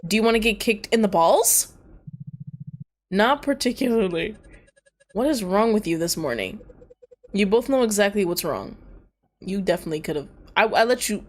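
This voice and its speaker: A woman streamer reads a chat story game aloud, voicing its lines and then reacting to them, with her voice sitting in a middle range. She swears freely and breaks into loud laughs, and faint music plays quietly underneath her. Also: medium pitch, lively intonation, normal speed, long pauses.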